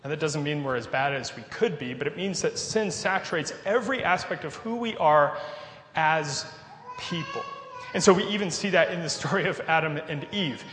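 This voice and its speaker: A pastor with a nasal voice and a slightly high pitch gives a conversational sermon, dropping in casual asides. He is recorded in a hall with lots of echo and a long reverb tail. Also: animated, normal speed, fairly bright tone, slight background noise.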